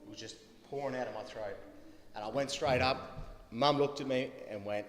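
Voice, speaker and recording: At a funeral venue hall, a middle-aged man delivers a eulogy for his mother, telling anecdotes and chuckling at his own stories. His voice is medium-pitched at a moderate pace, and the livestreamed hall sounds echoey.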